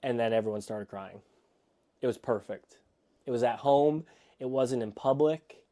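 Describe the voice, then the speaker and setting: Man telling a story in a mellow voice. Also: mid-range voice, measured pace. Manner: rambling, excited storytelling. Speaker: podcast co-host. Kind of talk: casual chat. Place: home podcast studio.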